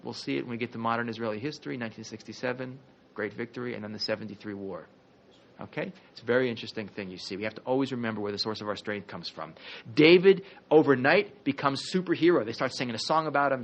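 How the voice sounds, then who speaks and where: Male lecturer, energetic storyteller with jokes, lo-fi classroom recording. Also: medium pitch, fast talker, a little hiss or hum. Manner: animated, conversational, jokey asides. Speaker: rabbi teaching a history class.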